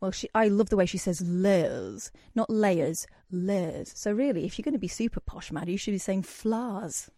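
A woman's voice: medium pitch, lively intonation, a little fast, few pauses, warm tone, no room sound. A woman hosts a late-night radio phone-in, her voice sitting in a middle register. She chats and teases callers easily. The studio sound is close and dry. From Manchester, England. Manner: chatty, teasing, laughs easily.

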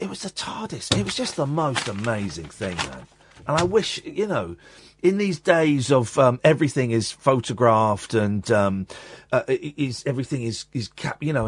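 A man in his forties hosts a radio show, telling a rambling story with an animated, swooping delivery. His voice is slightly husky. It is recorded on a dry studio mic. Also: fairly high pitch, dry recording. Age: 40s. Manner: animated, rambling, self-interrupting. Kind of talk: casual on-air storytelling. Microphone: studio microphone.

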